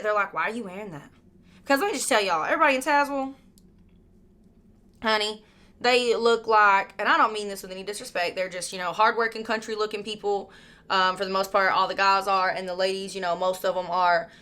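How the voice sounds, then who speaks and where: A woman's voice: mid-range voice, sharp tone. A young woman chatting candidly while doing her makeup, swearing freely and filling her talk with "like" and "you know.". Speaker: beauty vlogger. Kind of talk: casual get-ready-with-me chat while doing makeup.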